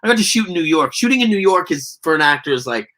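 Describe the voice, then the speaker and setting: A Canadian man, an actor and guest, telling stories in a casual interview, animated and profane, often laughing. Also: a little high, quick pace.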